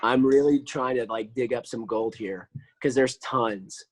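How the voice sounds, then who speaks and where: A man's voice: medium pitch, measured pace, no echo, low-quality recording. A man, a podcast guest telling casual stories full of fillers. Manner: animated storyteller, lots of fillers.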